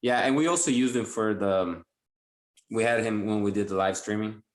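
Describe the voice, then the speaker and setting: A man's voice: fairly low pitch, a little fast, reverberant, low-quality recording. A male guitarist guest chatting casually and enthusiastically in an interview, rambling with lots of fillers.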